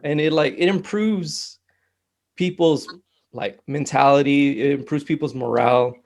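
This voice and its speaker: A man with a gravelly, slightly raised voice chats in an easygoing, rambling way. He fills his speech with "like" and "you know", and keeps a loose, relaxed flow. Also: fairly high pitch, measured pace. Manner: easygoing, rambling, with many fillers. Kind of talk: casual conversation.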